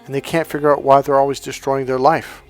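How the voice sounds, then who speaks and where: A man's voice: mid-range voice, flat delivery, fast, soft background music. A man giving an emphatic, repetitive motivational coaching talk. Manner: emphatic, repetitive, chanting mantras. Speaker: life coach.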